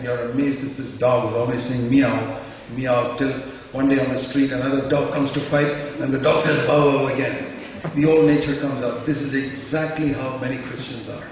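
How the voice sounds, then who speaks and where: A man's voice: mid-range voice, recorded from a distance, a little hiss or hum. Man preaching in an echoey hall. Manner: earnest storytelling preaching with homely examples. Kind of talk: sermon.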